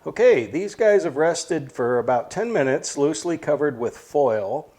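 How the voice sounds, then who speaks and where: A man's voice: a little high, lively intonation, measured pace, a little mellow. A man hosting a casual cooking vlog, talking plainly and thinking aloud as he goes. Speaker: cooking channel host.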